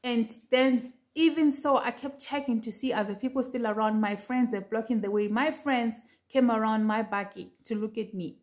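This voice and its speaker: Woman w a slightly high voice telling her viewers about a dream, earnest, lots of "like"s, chatty. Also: normal speed, hardly any pauses, a little mellow. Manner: earnest, talks straight to viewers with many fillers. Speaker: vlogger sharing a prophetic dream. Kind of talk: casual personal storytelling.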